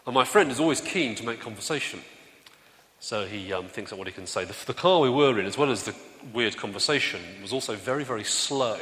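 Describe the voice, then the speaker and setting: Preaching in a relaxed, conversational style, a man with a medium-pitched, animated, slightly bright voice speaks fairly quickly. His sermon mixes stories with questions to the room, recorded with long hall reverb.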